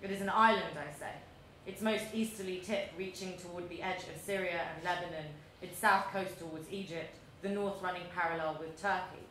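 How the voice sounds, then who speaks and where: A woman in her thirties from London with a London accent, reading her own essay aloud to an audience in a measured, deliberate, wry way. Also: lowish voice, a bit bright. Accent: London English. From London, England. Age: 30s. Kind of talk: live reading of a personal essay. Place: large echoey museum event space. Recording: very echoey room, faint background noise.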